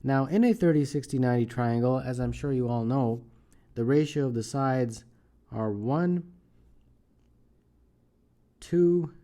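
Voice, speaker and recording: A man with a mellow, warm voice walks through a math contest problem as a tutor. He thinks aloud as he works and keeps checking in with listeners by asking "right?". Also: mid-range voice, a little slow, long pauses. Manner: thinks aloud while working problems, often adds "right?".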